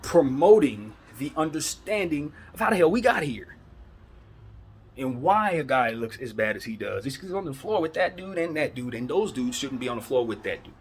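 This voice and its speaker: A man's voice: medium pitch, sing-song, normal speed, slight background noise. A man hosting a basketball commentary show, giving a fired-up, preachy opinion monologue full of rhetorical questions.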